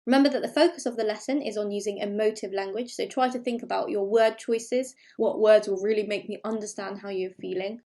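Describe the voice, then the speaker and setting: A woman's voice: medium pitch, steady tone, brisk, hardly any pauses, mellow. English woman teaching a primary class. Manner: clear, explanatory, emphasising key words. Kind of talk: recorded remote lesson.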